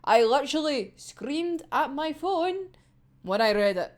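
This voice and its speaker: Young woman ranting about a manga chapter, high and animated, keeps laughing. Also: unhurried. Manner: laughs often, swears freely, excitable. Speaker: manga reaction vlogger. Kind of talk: casual ranting chapter recap.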